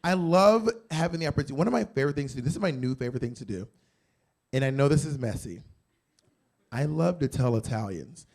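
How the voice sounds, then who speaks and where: A man doing stand-up comedy in a comedy club, brash, boastful and blunt, with sudden loud jumps. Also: medium pitch, expressive, quick pace, gravelly. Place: comedy club in San Diego.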